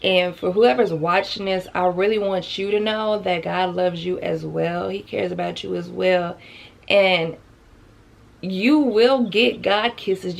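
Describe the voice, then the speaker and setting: A woman's voice: mid-range voice, takes it slowly, gravelly. A woman vlogging to her viewers in a chatty, heartfelt way, calling them y'all and holding back tears. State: close to tears. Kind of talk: heartfelt casual vlog talk.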